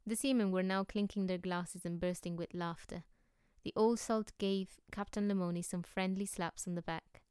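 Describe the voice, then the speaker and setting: Woman with a very clear, smooth reading voice. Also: medium pitch, steady tone, moderate pace, a little mellow, no echo, studio quality. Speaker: audiobook reader for a library. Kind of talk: scripted narration of a novel.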